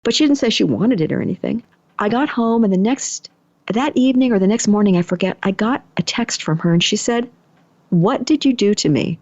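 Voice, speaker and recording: This is a middle-aged woman, host of a podcast and an energy healer, whose medium-pitched, somewhat mellow voice is expressive and fairly quick. She tells a personal story casually, dramatizing the lines and thoughts she quotes. The recording is echo-free, dry and slightly dull.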